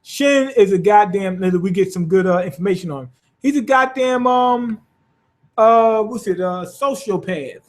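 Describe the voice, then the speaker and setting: A man's voice: sits high, measured pace. A man casually reviewing a manga chapter, rambling and swearing freely, amused by the story. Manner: rambling, profane, loose and amused.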